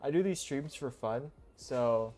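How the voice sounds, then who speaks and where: A young man streaming a game, talking casually in a goofy, excitable, rambling way full of slang. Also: mid-range voice, unhurried, slight background noise. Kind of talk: casual live-stream commentary.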